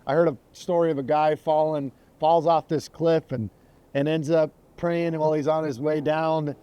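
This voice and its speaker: Earnest middle-aged man, mellow voice. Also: on the high side, flat delivery, moderate pace, clear, resonant tone, dull audio. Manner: earnest, repeats phrases for emphasis. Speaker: sheriff. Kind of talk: podcast interview, testimony.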